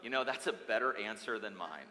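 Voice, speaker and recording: A man's voice: lowish voice, animated, brisk, noisy background. A man preaching a sermon as pastor, telling a funny story and joking with the congregation. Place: church sanctuary. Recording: long hall reverb.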